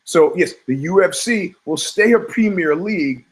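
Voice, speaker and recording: A man's voice: high-pitched, lively intonation, normal speed. A man in his forties hosting a talk show, rambling and swearing, often repeating words as he restarts his thoughts. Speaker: podcast host.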